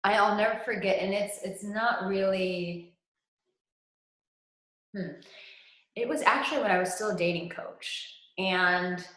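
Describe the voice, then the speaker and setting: A woman's voice: medium pitch, slow pace, long pauses, a bit bright. A woman intimacy coach telling a personal client story in conversation, candid and blunt, with frank profanity. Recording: echoey room.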